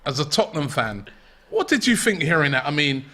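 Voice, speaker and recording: A man hosting a football round-up show, chatting casually with animated banter. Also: on the high side, brisk.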